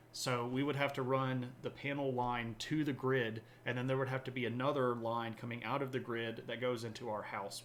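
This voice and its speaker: A man's voice: medium pitch, a bit bright, a little hiss or hum. A man hosting a live history stream, chatting casually with viewers, full of fillers and restarts. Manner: rambling, many fillers and restarts, laughs at own jokes. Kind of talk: casual chat reading viewer comments.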